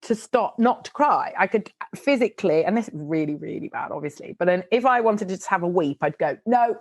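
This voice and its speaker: A middle-aged woman, telling stories as a podcast guest in an animated, chatty way. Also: on the low side, fairly quick, dry recording. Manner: animated, chatty storytelling with frequent laughs. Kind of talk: casual interview chat.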